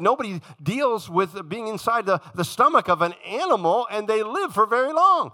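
Bright, animated male preacher. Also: high-pitched, normal speed, few pauses. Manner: animated preaching with rising emphatic lines. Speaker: pastor. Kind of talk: sermon. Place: church sanctuary.

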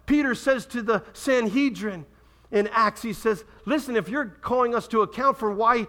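Bright, high-voiced male preacher. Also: moderate pace. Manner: animated preaching, acting out quoted voices. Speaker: pastor. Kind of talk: sermon.

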